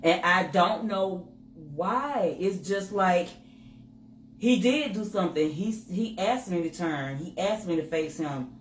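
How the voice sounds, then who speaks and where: A woman co-hosting a candid couple's chat with her husband, telling personal stories with lively acted-out inner dialogue. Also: on the low side, slow pace. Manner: animated storytelling, acts out her own inner voice. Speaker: co-host. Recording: roomy with faint noise.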